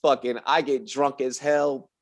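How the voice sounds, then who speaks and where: A man telling a long story on a podcast in a loose, profane, animated way, often laughing through it. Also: medium pitch, measured pace. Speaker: podcast guest. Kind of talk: casual storytelling.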